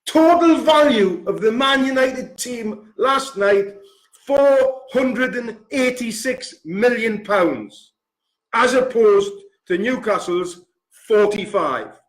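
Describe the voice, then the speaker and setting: Furious swearing man, high-pitched. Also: animated, takes it slowly. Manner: furious, swearing, repeats figures for emphasis. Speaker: football fan pundit. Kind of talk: angry football rant. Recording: roomy echo.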